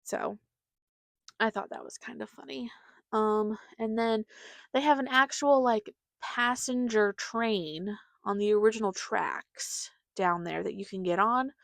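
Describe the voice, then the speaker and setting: Acting out her family's words, a podcast host delivers a rambling, chatty storytelling monologue. Her medium-pitched voice is gravelly and a bit bright, with a steady tone, an unhurried pace and no echo.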